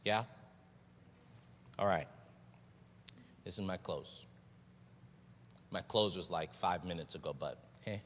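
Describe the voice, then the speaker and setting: A man delivers a sermon slowly and earnestly, dwelling on repeated phrases. His voice sits very low. It rings out with a long reverb across a church sanctuary over faint background noise. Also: fairly bright tone. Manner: earnest, unhurried preaching with pauses and repeated phrases. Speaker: pastor.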